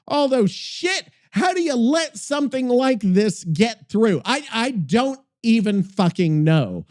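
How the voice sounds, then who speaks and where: A podcast host delivering a swear-laden rant about a game, acting out the people he talks about. His voice is high for a man and swings widely in pitch. The delivery is casual and loose. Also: takes it slowly, hardly any pauses. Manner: animated swearing rant, acts out characters.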